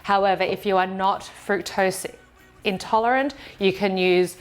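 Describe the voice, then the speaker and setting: A woman's voice: medium pitch, fairly even intonation, moderate pace, clean tone, soft background music. Woman, home-kitchen cooking vlog co-host, plain explainer with fillers. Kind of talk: casual cooking chat.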